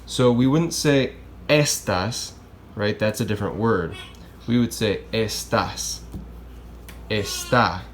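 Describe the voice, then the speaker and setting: A man's voice: fairly low pitch, lively intonation, normal speed, darkish tone, a little hiss or hum. A man who teaches Spanish, explaining grammar in a casual, chatty classroom style and often checking in with "okay?" and "right?".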